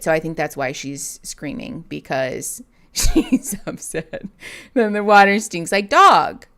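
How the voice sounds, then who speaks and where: A woman in her thirties hosting a casual livestream as a therapist, chatting and rambling with frequent laughs. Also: clean tone. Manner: chatty and rambling, laughs often, coos at her cat in a high baby voice.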